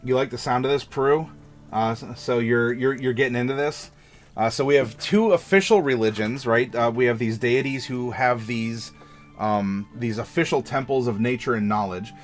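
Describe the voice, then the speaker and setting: A man's voice: medium pitch, moderate pace, soft background music. Rambling man hosting a worldbuilding chat. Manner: rambling, many fillers and restarts. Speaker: game master and show host. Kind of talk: casual worldbuilding chat with chat readers.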